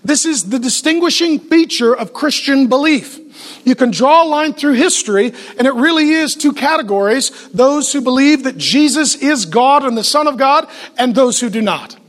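A man preaching a sermon as pastor, emphatic, piling up rapid lists and rhetorical questions, with joking asides to the audience. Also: very high voice, animated.

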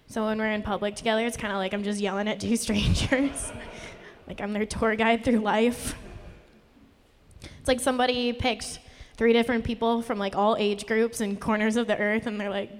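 At a live comedy venue, a young female stand-up comedian rambles nervously through self-deprecating material, her voice perpetually close to tears. Her pitch is fairly high, her tone steady, her speed normal, and the room has a long reverb.

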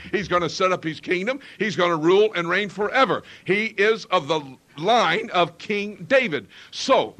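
Man preaching, emphatic cadence, high voice, bright tone, questions to the congregation. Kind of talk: sermon.

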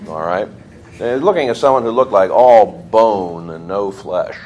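A man's voice: on the low side, a little slow, highs cut off. A man giving a history lecture to a class, telling stories animatedly and laughing as he talks. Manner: animated storyteller, laughs while talking. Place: lecture room with students.

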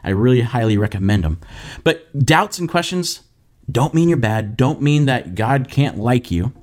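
Animated man preaching a sermon. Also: mid-range voice, moderate pace. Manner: animated storytelling, acting out voices of disciples and Jesus. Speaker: pastor. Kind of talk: sermon podcast.

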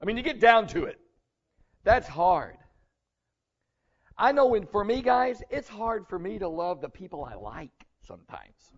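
Casting: male pastor, fairly high voice, earnest conversational sermon, slightly muffled recording. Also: big pitch swings, unhurried, long pauses, slightly rough. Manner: earnest, conversational preaching with rising emphasis.

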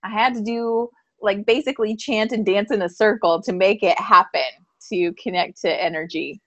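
A woman tells a story on a live-streamed chat, animated and quick to laugh. Her voice sits at a middle pitch and sounds dry and close. The sound is a little muffled, the way a video call sounds. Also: no echo. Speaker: podcast co-host and psychic reader.

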